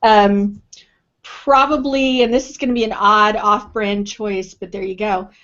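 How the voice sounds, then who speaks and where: A woman's voice: medium pitch, fairly even intonation, a little slow, fairly bright tone. A woman author answering interview questions in a thoughtful, casual way, often restarting her sentences. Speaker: author guest. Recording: dull lo-fi online stream audio.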